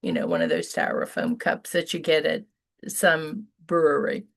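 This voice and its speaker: An older woman telling a personal story slowly and deliberately, pausing for effect and going high and loud when she quotes what was said. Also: very animated, gravelly. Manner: slow and deliberate with dramatic pauses; rises high and loud when quoting dialogue. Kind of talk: storytelling talk.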